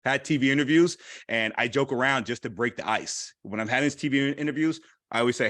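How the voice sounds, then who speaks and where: A man speaking candidly at a live event, animated and repeating phrases for emphasis. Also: mid-range voice, quick pace, no echo. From Haitian heritage. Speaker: panel speaker. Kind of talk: candid personal talk.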